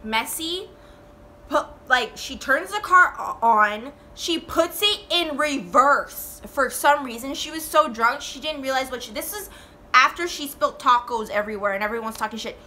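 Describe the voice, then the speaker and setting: A woman in her twenties telling a storytime vlog in a casual, animated way, swearing and saying "like" a lot. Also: high voice, normal speed, slight background noise. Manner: animated, swearing, full of "like" fillers.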